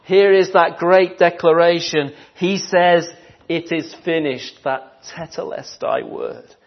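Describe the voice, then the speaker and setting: Male preacher, sermon, slow deliberate delivery, loud declarations dropping to hushed near-whispers, dull lo-fi sound. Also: fairly high pitch, big pitch swings.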